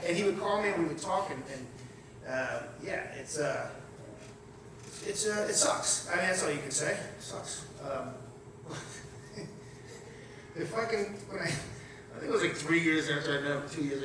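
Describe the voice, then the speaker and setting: Blunt, profane and full of asides, this stand-up set comes from a man in his 50s from Long Island, New York, whose voice sits high. The venue is a comedy club or event room with a live crowd, and the echoey recording was made at a distance, with audience noise throughout.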